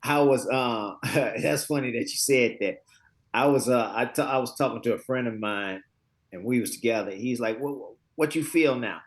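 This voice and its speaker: A man in his fifties speaks as an interview guest in a casual, storytelling way. His voice sits at a middling pitch. He acts out quoted dialogue and often repeats words while he gathers his thoughts. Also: moderate pace.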